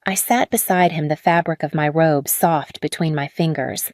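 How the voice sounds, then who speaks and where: Low-voiced woman narrating a story. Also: normal speed, darkish tone, no room sound, studio quality. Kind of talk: scripted first-person story narration.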